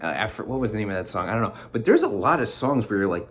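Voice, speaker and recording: A man, maybe in his thirties and from New Jersey, talking casually to camera in a rambling, excitable way, full of restarts and laughs. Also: lowish voice, fast talker, hardly any pauses. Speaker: vlogger.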